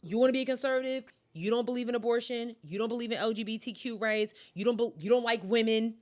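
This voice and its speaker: A woman's voice: a little high, fast. A woman co-hosting a podcast in heated casual chat, ranting with angry, profane emphasis. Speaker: podcast co-host.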